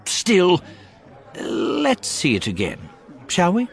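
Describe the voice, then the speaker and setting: A man's voice: sits high, wildly swooping pitch, takes it slowly, creaky, a faint crowd, voice pushed up, exaggerated voice. A man voicing a sly, sneering man with a cruel streak, mocking in tone.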